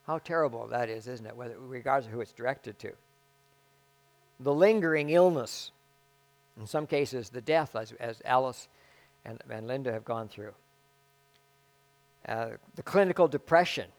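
With a medium-pitched voice, a man delivers a conversational sermon as pastor. He halts, pokes fun at himself, and keeps restarting.

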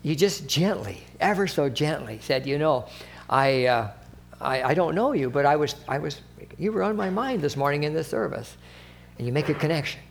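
A man's voice: fairly high pitch, lively intonation, moderate pace, vocal fry, a little hiss or hum. A male pastor preaching in a conversational way, often acting out short exchanges and laughing. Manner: conversational, acts out little dialogues, laughs often. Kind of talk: sermon.

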